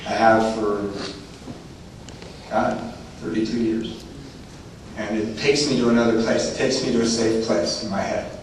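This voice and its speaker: A man's voice: on the low side, little pitch movement, unhurried, long pauses. Man telling his story in an echoey hall. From California. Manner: storyteller, often laughing. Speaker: recovery meeting speaker. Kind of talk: humorous personal testimony. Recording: echoey hall from far off, noisy room.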